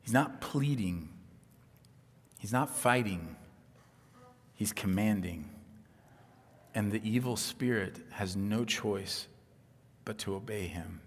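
A man preaching a sermon as pastor, earnest and emphatic, dropping to a hush on key points. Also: lowish voice, slow pace, long pauses, long reverb tail.

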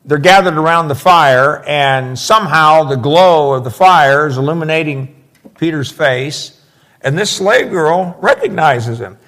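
A man's voice: on the high side, animated, a little slow, a bit bright. Emphatic folksy preacher, a man. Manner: explanatory, emphatic, folksy asides. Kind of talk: verse-by-verse sermon.

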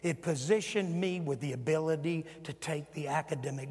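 An older man in his sixties preaching a sermon with emphatic delivery, his voice climbing when he quotes and sinking low for asides. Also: moderate pace, hardly any pauses, darkish tone. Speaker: pastor. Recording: long hall reverb.

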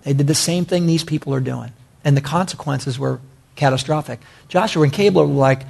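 A male pastor preaching with a slightly higher voice. He repeats short phrases for emphasis and calls his listeners "guys". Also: fairly quick, vocal fry, darkish tone, slightly rough. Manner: emphatic and repetitive, talks to the congregation as "guys". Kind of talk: sermon.

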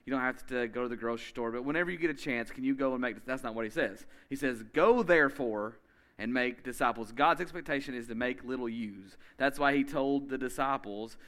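A man preaching a sermon as pastor, emphatic and energetic, speeding up in bursts and slowly repeating key phrases. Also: medium pitch. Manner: energetic, with quick bursts of speech.

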